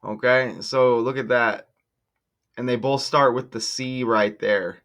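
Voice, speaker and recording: A man hosting his own channel, talking casually and excitedly to viewers while walking through on-screen material, exclaiming often. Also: mid-range voice, a little slow. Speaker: channel host decoding news numbers. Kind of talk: casual screen-share commentary.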